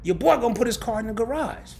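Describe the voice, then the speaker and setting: A man hosting a casual livestream, telling a story in an animated, slangy way and laughing often. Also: very high voice, fast talker, vocal fry. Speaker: travel and credit card channel host. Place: home during a power outage.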